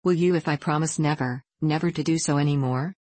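A woman voicing a fashionable, petulant older girl who frets and pleads, in a low voice. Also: fairly quick, a little mellow, no echo. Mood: fretful. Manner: petulant, fretful.

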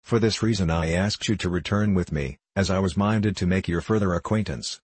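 A man voicing a booming, arrogant older professor who lectures pompously in an audiobook reading. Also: brisk, darkish tone, slightly rough, no room sound. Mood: lecturing.

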